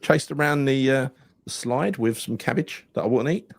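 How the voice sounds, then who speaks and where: A man's voice: medium pitch, normal speed, gravelly, a little hiss or hum. A man, co-hosting a live football podcast, telling stories with lots of swearing and laughter. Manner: swearing, storytelling, laughs a lot. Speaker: podcast co-host.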